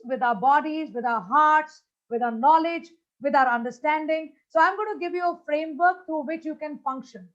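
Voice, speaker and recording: A high-voiced woman gives a motivational keynote over a video call. She talks with lots of energy, repeats her greetings and fills pauses with lots of "uh"s. The audio comes through dull and lo-fi. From India. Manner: energetic, repetitive greetings, many fillers. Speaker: motivational speaker. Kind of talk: conference keynote talk.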